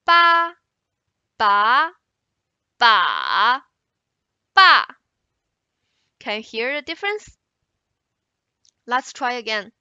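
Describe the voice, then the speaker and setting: A woman with a Mandarin Chinese accent teaching an introductory language lesson, explaining slowly and exaggerating tones in her examples. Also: a little high, pushed and bright, clean tone, no room sound, highs cut off. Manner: slow, careful explanation, exaggerating tone contours in examples.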